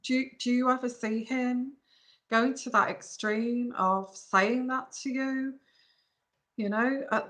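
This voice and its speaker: Brief: woman, tarot reader, frank and emphatic, clear bright tone, talking into a phone. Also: high voice, unhurried. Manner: frank, emphatic, talks straight to viewers. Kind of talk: live stream advice chat.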